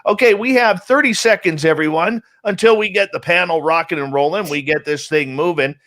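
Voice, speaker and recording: A man's voice: a little high, fairly quick, a bit bright. A man hosting a live radio stream, joking casually as he greets people in the chat room by nickname. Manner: jokey, upbeat, rambling roll call with teasing nicknames. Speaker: radio show host. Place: home studio in central British Columbia.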